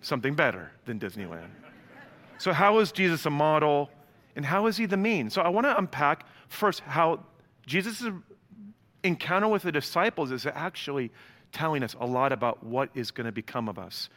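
A male pastor preaching a sermon, with a bright, forceful tone that sits a bit high for a man. He tells stories with humor and casual asides. His voice rings out with a long reverb, as in a large hall. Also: lively intonation, moderate pace.

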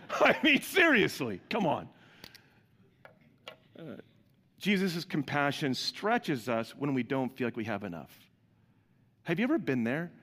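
A male pastor giving a sermon, animated and putting questions to the congregation. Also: mid-range voice, moderate pace, long reverb tail.

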